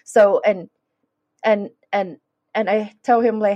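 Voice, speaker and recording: A woman's voice: fairly low pitch, moderate pace, darkish tone. A woman with a non-native English accent telling a personal story earnestly in conversation, acting out the dialogue. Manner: earnest, acts out quoted dialogue. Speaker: guest.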